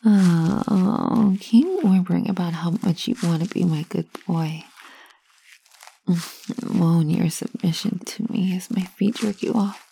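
A woman in a whispered role-play, speaking in a teasing, commanding way with a breathy whisper. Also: fairly low pitch, fairly even intonation, slow, warm tone.

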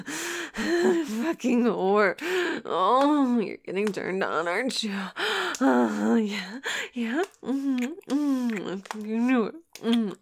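Woman playing a bossy teasing girlfriend, whispered role-play, high breathy voice, takes her time. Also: a little hiss or hum, heavily acted. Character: domineering, teasing young woman lover.

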